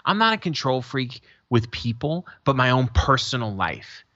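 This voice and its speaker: A man's voice: mid-range voice, moderate pace, no room sound. Male podcast co-host, casual and profane, acts out his stories; muffled, dry home audio. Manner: profane, animated storyteller who acts out quotes. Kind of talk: casual chat.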